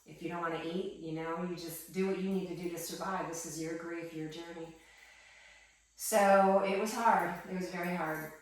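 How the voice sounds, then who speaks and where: A woman giving an emotional personal testimony, talking in a soft, halting way with many pauses and restarts in her small wooden chapel. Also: on the low side, fairly even intonation. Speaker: interviewee. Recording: echoey room from some distance.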